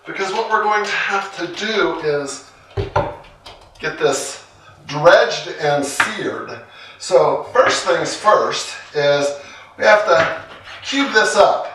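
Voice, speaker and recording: A man co-hosting a cooking show, walking through a recipe in a relaxed, chatty way with folksy asides. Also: sits high, noisy background. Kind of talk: casual cooking demonstration. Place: home kitchen. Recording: echoey kitchen, mic at a distance. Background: clattering dishes and cutlery.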